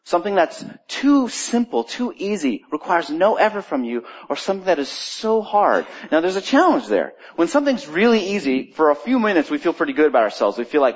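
A middle-aged man preaching in church, opening with a quiet prayer, then telling a story in a conversational, animated way. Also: fairly high pitch, fairly quick, hardly any pauses, slightly rough. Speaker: pastor. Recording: dull lo-fi church recording.

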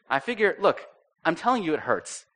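Middle-aged man, pastor mid-sermon, forceful tone, animated storyteller. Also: on the high side, moderate pace. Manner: animated storytelling with acted-out quotes.

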